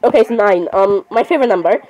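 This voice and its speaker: A woman's voice: medium pitch, fast talker, a little mellow, lo-fi sound. A woman chatting casually while playing a game, often apologizing and saying "literally". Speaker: gamer. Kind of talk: casual gameplay commentary.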